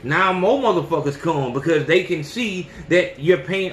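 A man's voice: high-pitched, moderate pace, hardly any pauses, reverberant, slight background noise. Blunt, profane man in his thirties. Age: 30s. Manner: blunt, profane, preachy street talk. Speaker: podcast host. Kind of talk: casual monologue.

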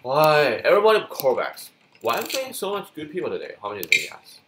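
A man's voice: fairly high pitch, very fast. Guy rambling over his card game, voice jumping all over, lots of repeats, noisy mic with mouse clicks. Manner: excitable, repeats phrases, talks to opponents on screen. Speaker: gameplay commentator. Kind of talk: casual live gameplay commentary.

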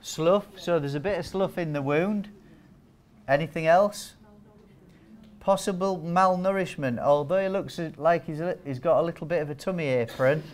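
A man's voice: on the high side, moderate pace. A man giving a training talk to nurses as a wound care trainer, chatty and joking, quizzing the audience. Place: training hall with a live audience.

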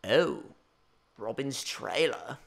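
A man giving excitable, jokey, rambling commentary while playing a racing game. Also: medium pitch, extremely slow, vocal fry. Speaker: gaming channel host. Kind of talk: gameplay commentary.

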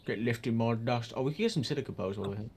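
A man's voice: mid-range voice, very fast, noisy background. A man chatting casually with friends while playing a video game, playful and jokey. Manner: playful, jokey mock accents. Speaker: streamer. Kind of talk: casual gaming chat with friends.

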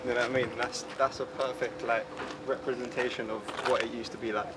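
Slangy man on a noisy street. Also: mid-range voice. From Poland. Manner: animated, slangy, quick to laugh. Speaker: musician showing his childhood neighbourhood. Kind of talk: casual walking tour chat. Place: outdoors on city streets. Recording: street noise and traffic outdoors.

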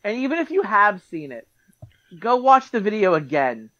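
A podcast co-host with a bright, forceful voice chats casually. The host chimes in with quick reactions and jokes, and heaps praise on the other host's story. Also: medium pitch, very animated, highs cut off. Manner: reacts with short interjections, jokey and full of praise. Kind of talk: casual chat.

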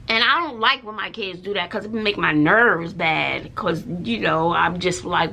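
A woman, a teacher and mother chatting in a vlog, animated and dramatic, with hushed asides. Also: lowish voice, a little slow, creaky, hardly any pauses, slight background noise. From Texas. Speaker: schoolteacher and mother. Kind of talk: casual chatty vlog storytelling.

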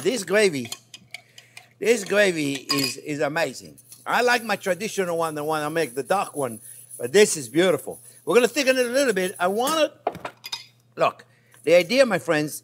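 An older man with a French accent, a chef chatting warmly through a cooking demonstration and calling viewers his friends. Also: high voice. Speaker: chef host.

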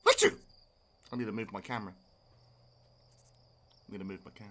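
A man's voice: lowish voice, steady tone, fast, a little hiss or hum. A man, streaming a game and chatting casually in a rambling way that swears freely. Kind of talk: casual gameplay stream chat. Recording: game music playing behind.

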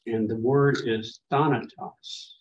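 A man's voice: mid-range voice, fairly even intonation, unhurried. A man teaching a casual class, patiently explaining things with examples. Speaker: Greek teacher. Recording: muffled with faint background noise.

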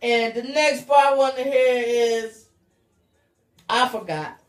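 A woman with a Philadelphia accent hosting a live call-in talk show, loud and hyped, shouting to her callers. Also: fairly high pitch, slow, reverberant. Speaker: radio talk show host.

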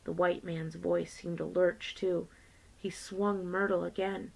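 A woman's voice: fairly low pitch, level tone, slow, creaky, a little mellow, low-quality recording. A woman teacher reading a novel aloud to her class, page by page, lightly voicing the characters.

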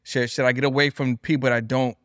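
A man hosting a podcast in casual chat, agreeable and quick to affirm. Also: mid-range voice, level tone, a bit bright, dry recording, studio quality. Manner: agreeable, affirming, hype-style. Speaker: podcast host.

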